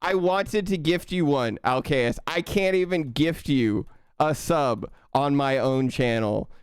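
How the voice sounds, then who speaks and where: A young man hosting a live stream, thanking viewers in an excitable way, laughing and stumbling over his words, out of breath. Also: fairly high pitch, slow, clear, resonant tone, no room sound, clean studio sound. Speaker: livestream host.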